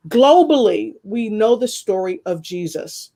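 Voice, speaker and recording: A woman guest sharing a personal testimony in conversation, earnest and expressive, with faith woven through her talk. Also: mid-range voice, measured pace. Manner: earnest, expressive storytelling with spiritual references.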